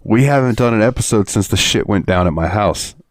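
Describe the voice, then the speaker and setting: A man's voice: on the low side, brisk, no echo, clean studio sound. A man co-hosting a podcast, telling a rambling story in casual chat, laughing and swearing freely. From Florida. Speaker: podcast co-host.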